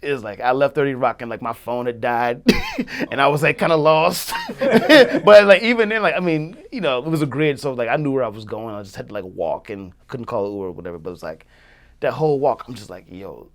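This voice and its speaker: A young man who works as a music producer tells a story in casual chat, speaking briskly at a medium pitch. His delivery is loose and filler-heavy, packed with "like"s, and he acts out the quotes.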